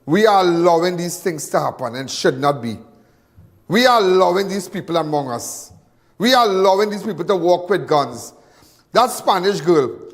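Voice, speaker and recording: A man's voice: sits high, expressive, normal speed, in a large hall. A man hosting a live crime show, delivering angry, repetitive commentary full of stumbling restarts.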